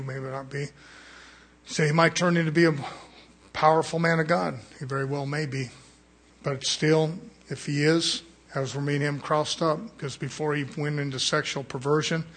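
A man preaching a fiery sermon, swinging from quiet asides to shouted peaks. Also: on the high side.

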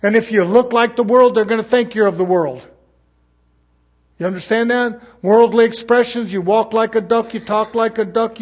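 A man preaching a sermon at a church service, throwing fervent rhetorical questions to the congregation. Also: high-pitched.

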